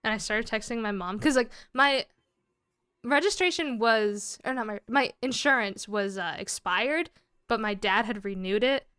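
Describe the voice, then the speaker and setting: A woman's voice: on the high side, moderate pace, bright, forceful tone, clear, resonant tone, dry recording, clean studio sound. A young adult woman hosting a casual comedy podcast, rambling through stories with lots of fillers and giggles. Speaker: podcast host.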